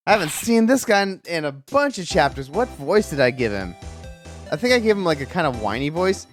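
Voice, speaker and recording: A woman streamer giving casual, rambling let's-play commentary, musing aloud in a low-key way. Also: sing-song, fairly quick, faint music behind.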